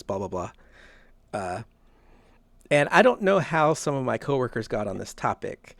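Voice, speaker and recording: A man hosts a casual podcast, telling rambling stories and chuckling often. His voice is medium-pitched. It comes through a close, dry mic with no room sound. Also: dry recording. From American South. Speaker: podcast host.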